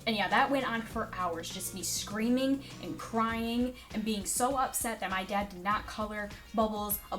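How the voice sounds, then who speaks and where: Young woman vlogger, conversational, filler-heavy rambling delivery at a mid pitch. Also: fairly bright tone. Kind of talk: casual chat to camera.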